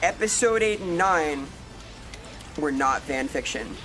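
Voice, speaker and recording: A woman's voice: low voice, expressive, takes it slowly, a bit bright. A woman streamer chatting casually with viewers, ranting and swearing with exasperation over faint background music. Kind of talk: casual live-stream chat answering viewers.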